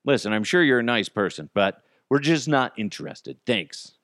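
A man's voice: big pitch swings, moderate pace, fairly bright tone, dry recording, studio quality. A man hosting a casual podcast, rambling through a funny story, laughing often and acting out what people said. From Colorado. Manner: reads ad copy in a hyped pitch. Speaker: podcast host.

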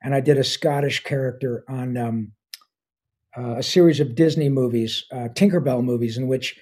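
Speaking at normal speed, a mellow, husky-voiced man in his sixties talks as a guest in a casual interview. He's a voice actor, rambling with enthusiasm and plenty of fillers, his pitch medium.

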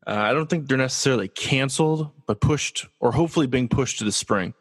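A man's voice: mid-range voice, fast talker, breathy edge, big-room sound. A man from Los Angeles hosting his own sports talk show, casual and joking, asking himself rhetorical questions. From Los Angeles, USA. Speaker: podcast host.

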